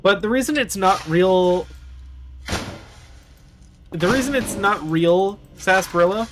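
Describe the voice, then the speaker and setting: A man streaming a game live and chatting casually with his viewers, chatty and excitable and quick to swear. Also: sits high, slight background noise. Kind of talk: casual live-stream chat while gaming.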